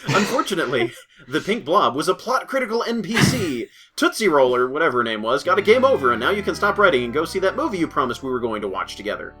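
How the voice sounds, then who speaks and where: Guy narrating a silly fanfic, amused, lively voice, music behind. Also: fairly high pitch, fast. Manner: amused, often breaking into laughter. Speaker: narrator reading fan fiction. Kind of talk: comedic fanfiction reading.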